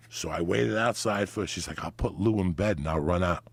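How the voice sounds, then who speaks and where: A man's voice: sits low, fairly quick, creaky, hardly any pauses, husky, dry recording. A middle-aged man from New Jersey, a podcast guest telling raunchy, profane stories and acting out the quoted lines. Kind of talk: raunchy storytelling. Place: podcast studio.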